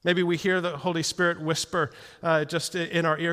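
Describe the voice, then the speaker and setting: Man, preacher, sermon, bright voice, long hall reverb. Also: a little high, fairly quick. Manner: animated storytelling with voiced asides and stammered restarts.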